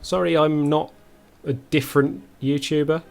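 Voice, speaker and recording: A man's voice: a little high, steady tone, normal speed, creaky, darkish tone, soft background music. Hesitant man streaming a space game. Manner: hesitant, full of ums, chats with viewers. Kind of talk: live gameplay commentary.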